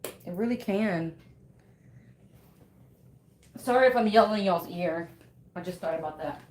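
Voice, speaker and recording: A woman's voice: lowish voice, a little slow, a little mellow. Chatty woman sewing in an echoey room. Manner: chatty, laughs often, talks to chat by name. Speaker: bag maker live-streaming while sewing. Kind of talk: casual chat with viewers.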